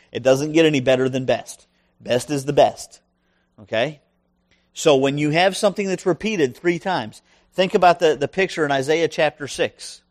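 A man delivering a sermon reads a scripture passage aloud, then explains it emphatically, stressing his points. His voice is on the high side, and he checks in with listeners by asking them questions.

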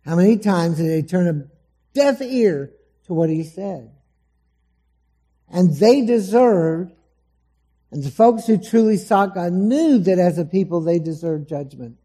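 A man preaching a sermon to a congregation, dramatic, acting out the voices he quotes and swinging between loud emphasis and soft, low asides. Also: expressive, unhurried, pauses often. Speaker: pastor. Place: church hall before a congregation.

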